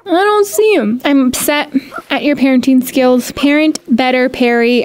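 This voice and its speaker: A woman giving casual, sassy commentary while playing a game, scolding the in-game birds and squealing when excited. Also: sits high, normal speed. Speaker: gaming YouTuber.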